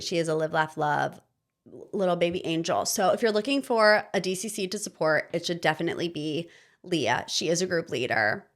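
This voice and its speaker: A woman in her thirties hosting a podcast, giving casual pop-culture commentary in an animated, sarcastic, ranting manner. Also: lowish voice. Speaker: podcast host.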